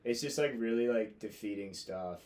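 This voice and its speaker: An American man in his twenties, a Marine officer appearing as a podcast guest, tells casual stories at a normal pace in a fairly low, slightly mellow voice. He rambles, uses lots of fillers and swears freely.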